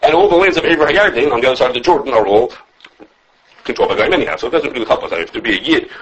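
Male Torah teacher, husky, fast and lively, informal class, lo-fi audio. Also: mid-range voice. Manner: animated, quick, self-correcting, answers questions. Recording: dull lo-fi recording.

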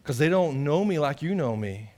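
A male pastor preaching an animated, impassioned sermon. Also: on the high side, moderate pace. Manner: animated, impassioned, acts out voices of others.

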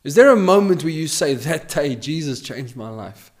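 A man preaching a podcast sermon, emphatic and repeating his key phrases, swinging between loud declarations and hushed lines. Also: on the high side, animated, normal speed.

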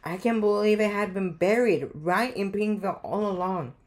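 A woman's voice: mid-range voice, moderate pace, a little mellow, close to an everyday voice. A woman reading as a kindly old riddle-lover. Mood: warm. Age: older. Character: kindly older woman who loves riddles.

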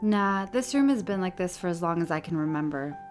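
A woman's voice: lowish voice, animated, brisk, faint music behind, close to an everyday voice. A woman reading a story aloud, voicing a brash, bossy boy who is impatient with his little brother. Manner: brash, dismissive.

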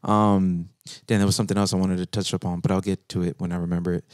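Laid-back slangy man, low voice. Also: little pitch movement, quick pace, a little mellow, dry recording, studio quality. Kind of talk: casual podcast chat.

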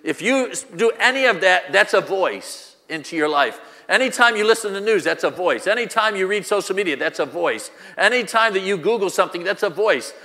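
Male pastor preaching with repetitive rhetorical questions; high, bright voice in a reverberant church hall. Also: expressive, brisk, hardly any pauses. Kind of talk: sermon.

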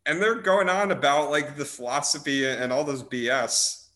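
Bright, rambling young man reviewing films. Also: on the high side, fairly even intonation, moderate pace. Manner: rambling, amused, lots of restarts. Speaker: podcast host reviewing movies. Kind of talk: casual chat.

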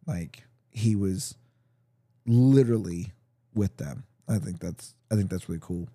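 A man hosting a podcast, reading a Bible passage aloud and then reflecting on it in a thoughtful, halting, casual way. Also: low-pitched, mellow, slightly rough, dry recording. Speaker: podcast host.

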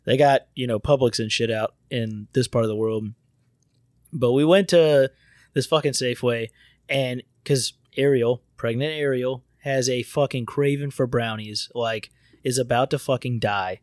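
A young man tells a story in casual chat, cursing freely and breaking into loud laughter. His voice sits at a middle pitch. It sounds close and dry, with no room around it. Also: moderate pace, dry recording. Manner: profane, laughs loudly, animated storyteller.

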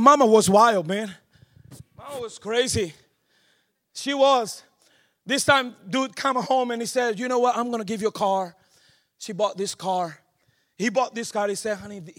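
High-voiced preacher, hushed to shouting. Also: male voice. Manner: swings from hushed storytelling to shouted exhortation. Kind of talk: sermon with storytelling.

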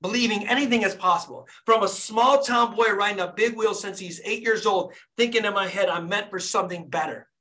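A man's voice: high voice, steady tone, brisk, few pauses, bright, forceful tone. A fired-up young man, a dentist, hosting a group video call and urging listeners on with repetitive, preachy motivation.

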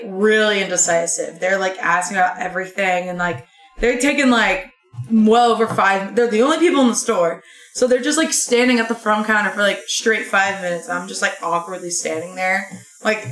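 A woman's voice: mid-range voice, normal speed. A young woman telling a rambling work story in a casual chat, full of "like"s. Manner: rambling, animated anecdote with many "like"s. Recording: echoey room.

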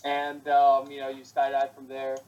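A man's voice: mid-range voice, completely flat delivery, normal speed, a little mellow, muffled recording. A young man in casual chat, laid-back and rambling with lots of fillers.

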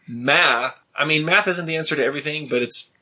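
Talky male podcast co-host, long rambling explanations, bright and slightly husky. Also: a little high, moderate pace. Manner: rambling, explains at length, fills with "like" and "right?". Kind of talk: casual chat.

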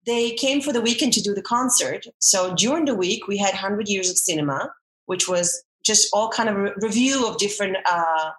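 A middle-aged woman talking as an interview guest at an ordinary pitch, rambling through memories with frequent restarts. Her voice rings out with a roomy echo around it. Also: moderate pace. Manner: rambling, restarts often, animated storytelling. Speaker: guest, former dancer and army veteran. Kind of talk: casual interview chat.

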